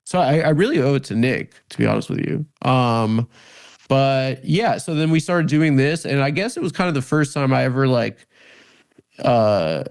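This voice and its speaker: A man in his thirties, a comedian guest in a casual interview, talking in halting starts with lots of fillers and self-mockery. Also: mid-range voice, expressive, vocal fry, clear, resonant tone. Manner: halting, many restarts and "like" fillers, self-deprecating. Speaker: comedian and podcast host, guest.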